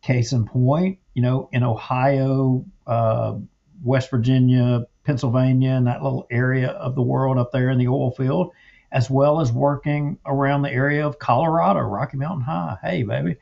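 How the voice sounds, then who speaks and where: A man's voice: medium pitch, steady tone, moderate pace, vocal fry, lo-fi sound. A man co-hosting a political talk show, speaking in a heated, emphatic way and repeating himself. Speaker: podcast co-host.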